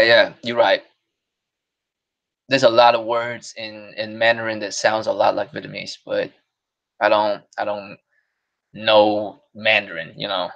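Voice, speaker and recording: A man's voice: lowish voice, creaky, a bit bright. A man hosting a podcast stream, chatting casually in a rambling, profane way and laughing often. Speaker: podcast host. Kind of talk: casual solo stream chat.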